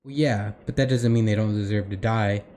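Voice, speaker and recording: A man's voice: fairly low pitch, fairly even intonation, brisk, darkish tone. A young man co-hosting a podcast in casual chat, rambling with many fillers and restarts. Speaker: podcast co-host.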